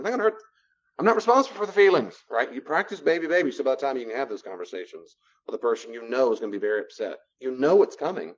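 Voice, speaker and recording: A man teaching a class on boundaries, lecturing and acting out both sides of short dialogues in an animated way. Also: medium pitch, quick pace, highs cut off. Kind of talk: classroom lecture with role-play examples.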